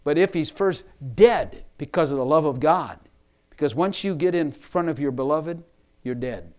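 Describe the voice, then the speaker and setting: Emphatic higher-voiced male preacher. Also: lively intonation, moderate pace, darkish tone. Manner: emphatic, repeats and rephrases lines for stress. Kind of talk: sermon.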